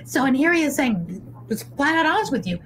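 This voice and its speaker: A woman's voice: high voice, very animated, a little fast, slight background noise, rough recording. A woman hosting an interview show, talking with her guest in an enthusiastic, effusive way. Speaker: show host. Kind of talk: conversational interview.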